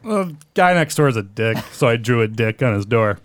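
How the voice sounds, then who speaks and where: A man playing a tabletop game, blunt and jokey, in a middle-pitched voice. The recording is dry and close. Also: expressive, brisk, no room sound. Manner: blunt, joking. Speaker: player.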